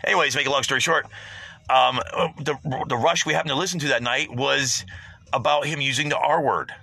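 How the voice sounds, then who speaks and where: Gravelly, bright-voiced ranting podcast man. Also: medium pitch, steady tone, brisk, no room sound. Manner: profane, blunt, rambling with restarts. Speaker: podcast host. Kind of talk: casual ranting monologue. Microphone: home podcast setup.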